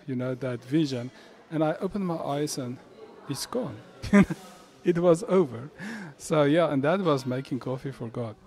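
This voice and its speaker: Male pastor, slightly high voice, lively storyteller, casual faith chat in a café. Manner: animated storytelling. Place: coffee shop.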